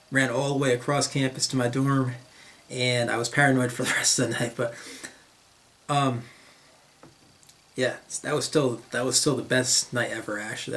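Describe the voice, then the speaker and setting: A man's voice: medium pitch, fairly bright tone. Young man from northern New Jersey rambling. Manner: stumbling, repeats words, laughs to himself. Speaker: vlogger. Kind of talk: rambling storytelling monologue.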